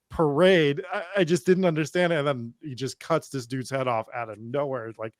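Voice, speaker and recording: A man's voice: mid-range voice, fairly even intonation, fairly quick, hardly any pauses, no room sound. A man with a mid-range voice tells a story about a movie scene in easygoing, amused podcast chat. The recording is dry and close-miked. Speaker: podcast co-host. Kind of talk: casual movie review chat.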